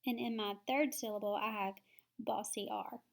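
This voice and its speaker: A woman teaching phonics, explaining each step slowly and sounding words out syllable by syllable. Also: medium pitch, fairly even intonation, creaky. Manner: slow, deliberate, sounding words out.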